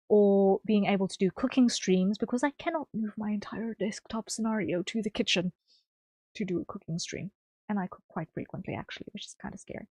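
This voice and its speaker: Woman streamer from the UK, casual rambling chat to viewers, repeats herself a lot, dry close desk mic, mid-pitched. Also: no echo. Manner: chatty, rambling, with many ums and repeats.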